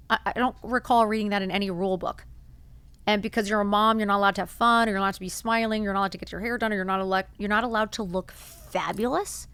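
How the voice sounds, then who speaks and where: Blunt animated woman with a dry sound. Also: medium pitch, no echo. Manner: animated, blunt, swears freely, acts out quotes. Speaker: podcast host. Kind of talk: casual motivational talk.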